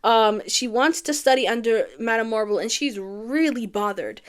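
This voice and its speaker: Woman, casual commentary, gushing, chatty, slightly high voice. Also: normal speed, clear, resonant tone. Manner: chatty and gushing, swinging between excited and wistful. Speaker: YouTuber reviewing a film musical.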